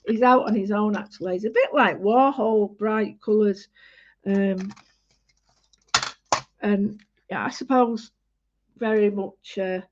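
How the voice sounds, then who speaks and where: A woman's voice: mid-range voice, slight background noise. Chatty woman demonstrating painting, lo-fi. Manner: chatty, halting, many fillers. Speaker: art tutorial host. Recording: dull lo-fi home recording.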